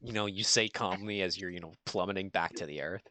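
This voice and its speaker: A man running a tabletop game as game master, narrating in a halting way full of "you know" fillers. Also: low-pitched, pushed and bright, no echo.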